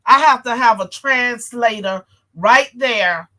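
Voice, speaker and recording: A woman from North Carolina with a country twang hosts a casual political talk show, chatting with viewers, calling them y'all and reading their comments. Her voice is a little high, bright and forceful, and she speaks slowly.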